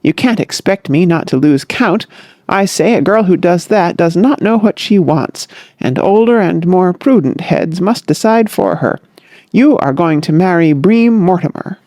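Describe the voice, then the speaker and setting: Brief: narrator's voice for a choleric, self-willed dad, blustering with lively swings, dry read. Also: male voice, sits high, a little slow, no echo, pitched above the performer's own voice. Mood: testy, blustering. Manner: blustering, testy. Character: irascible, self-willed older father.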